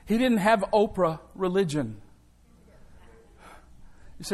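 A man's voice: high voice, animated, takes it slowly, long pauses, darkish tone. A male pastor delivering an emphatic sermon in a church, with call and response to the congregation.

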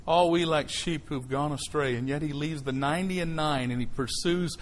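A middle-aged man preaching a sermon, telling a personal story in an animated way that swings from hushed lines to shouts. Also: a little high, normal speed, poor audio.

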